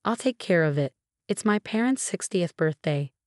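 A woman's voice: lowish voice, expressive, normal speed, darkish tone, no echo, clean studio sound, natural voice. Offhand husband, as a woman reads him. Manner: casual, dismissive. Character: adult husband, casual and secretive.

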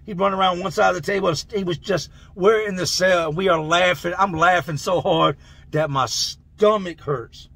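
A man telling a long story in a loose, slangy, animated way. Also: high-pitched, moderate pace, creaky. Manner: loose, slangy, animated, laughs through the tale. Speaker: channel host telling prison stories. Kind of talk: casual storytelling.

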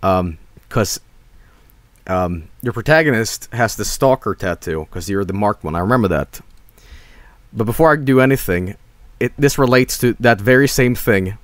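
A man's voice: fairly low pitch, expressive, normal speed, no room sound. A man streaming a video game, chatting casually and jokingly with lots of fillers. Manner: jokey, rambling, full of fillers. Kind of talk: casual gaming commentary.

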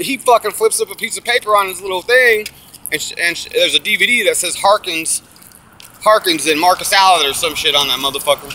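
A man's voice: sits high, fairly quick. A man casually telling a story about his own court case, swearing often, acting out what others said and preaching about faith. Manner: animated, profane, preachy, acts out quotes.

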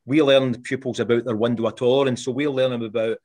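Scottish man, teacher, animated explaining, mid-pitched voice, restarts his sentences. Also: fast. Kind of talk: explaining in a video interview.

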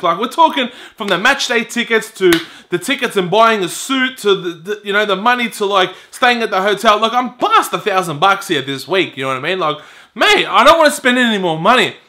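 A man in his twenties telling a personal story to camera in a casual, animated way, acting out the exchanges he describes. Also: high voice. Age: 20s. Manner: animated, exasperated, acts out quoted exchanges.

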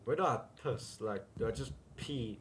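A man's voice: medium pitch, normal speed, noisy background. A young man commentating a horror game he is playing, casual and easily startled, often calling people dude. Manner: jumpy, says dude a lot, shouts when startled. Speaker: gaming youtuber. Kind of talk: casual let's-play commentary.

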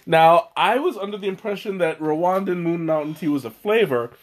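A man with a somewhat high voice hosts a casual livestream, talking loosely and correcting himself often. His voice is a bit hoarse from a lingering cold. He fills pauses with ums and uhs as he goes. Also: animated. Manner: rambling, greets viewers, many fillers and restarts. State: slightly hoarse from a cold, coughing. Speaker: livestream host.

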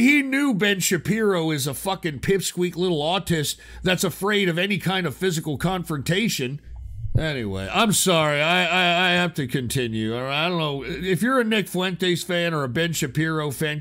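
Combative male talk-radio host; sharp, bright tone, swears constantly. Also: a little high. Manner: profane, ranting, combative. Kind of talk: call-in radio talk show.

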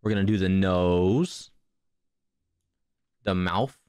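Low-pitched, slow and smooth with a slightly mellow quality, a young man's voice comes through a dry recording. He laughs, swears and chats with viewers while drawing on a casual livestream.

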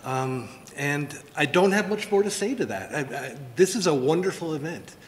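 A man giving a relaxed, easygoing welcome speech in a library. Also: moderate pace. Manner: relaxed, laid-back, easygoing, laughing. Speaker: opening speaker. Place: library room after hours. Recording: reverberant hall with faint rumble.

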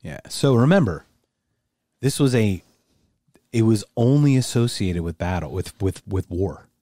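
A man co-hosts a casual podcast chat in a low, warm, mellow voice. He thinks out loud, circles back with restarts and leans hard on his points. The sound is dry and close, with no room. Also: expressive, unhurried, no room sound. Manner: thinks aloud, rambling with restarts, emphatic. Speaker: podcast co-host.

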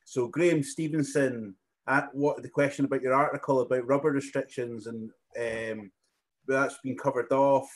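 A man's voice: medium pitch, fairly even intonation, normal speed. A man moderating a Q&A, talking casually and hesitantly with filler words. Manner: hesitant, repeats himself. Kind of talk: casual chat.

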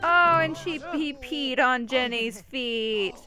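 A woman's voice: high voice, slow, crowd noise. A young woman giving casual, playful commentary over a life-simulation game, teasing her characters with mischievous glee. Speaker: gameplay commentator. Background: game music.

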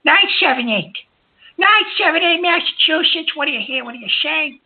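Someone doing a shrill hot-tempered uncle. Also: expressive, moderate pace. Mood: ranting. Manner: hot-tempered, scolding, cuts callers off. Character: excitable Italian-American uncle, a man. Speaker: call-in show host. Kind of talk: prank call-in radio banter. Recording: tinny phone-line sound.

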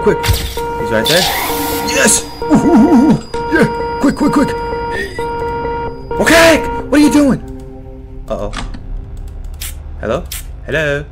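A man giving nonstop let's play commentary on a horror game as a streamer, jumpy and panicky, breaking into sudden yelps. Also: on the high side. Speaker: gaming streamer.

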